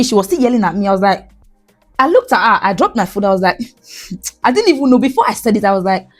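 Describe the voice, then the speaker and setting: A woman with a Nigerian accent, hosting a podcast and telling animated, laughing stories in a casual monologue. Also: on the high side, brisk, faint music behind. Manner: animated, laughing, slips into pidgin. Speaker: podcast host.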